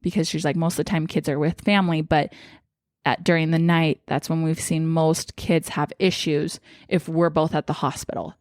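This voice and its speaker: Young woman, vlogger, casual storytelling, low-pitched, dry close sound, emotional, chatty. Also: level tone, moderate pace, no room sound. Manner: emotional, chatty, acts out quoted dialogue.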